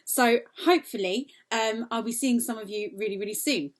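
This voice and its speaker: A young woman singing teacher leading a cheerful, encouraging warm-up lesson, demonstrating vocal exercises. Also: on the high side, moderate pace.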